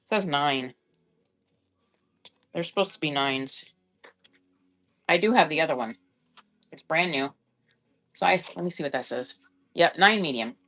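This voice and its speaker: A woman's voice: deep voice, animated, measured pace, long pauses, fairly bright tone. A middle-aged woman chatting casually on a live-stream sale, rambling and thinking aloud while she checks sizes. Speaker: online reseller selling on a live shopping app.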